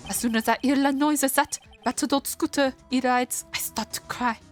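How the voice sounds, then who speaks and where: A woman's voice: sits high, steady tone, normal speed, faint music behind, pitched above the performer's own voice, lightly acted. A woman faking a jittery French man. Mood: fretful. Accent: put-on exaggerated French accent. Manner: fretful, dramatic, sprinkled with French words. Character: timid nervous French man, loan office worker.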